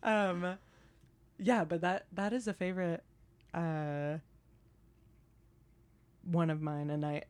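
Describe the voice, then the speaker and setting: Playful woman comedian, lowish voice. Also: fairly even intonation, darkish tone. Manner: playful, slips into quick joke voices. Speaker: comedian guest. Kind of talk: casual podcast chat.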